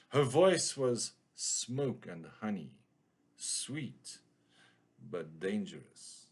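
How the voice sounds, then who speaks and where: Man voicing a hard-boiled detective, world-weary, gruff, clipped brooding narration, unhurried delivery. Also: lowish voice, darkish tone, pitched below the performer's own voice, full character voice. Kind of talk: reading a noir detective story aloud.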